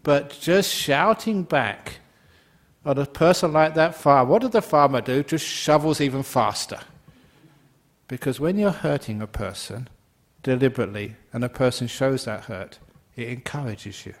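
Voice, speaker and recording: A man's voice: medium pitch, lively intonation, normal speed. A man, a Buddhist monk, giving a dharma talk and telling stories playfully while laughing at his own jokes.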